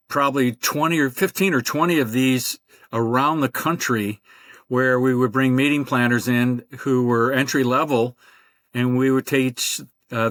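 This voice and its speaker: An older man speaks as a podcast guest, his voice sitting at an ordinary middle pitch. He rambles through long stories, padding them with fillers and restarts. The sound is close and dry, with no room echo. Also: a bit bright. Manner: rambling storyteller with many fillers. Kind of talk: conversational interview.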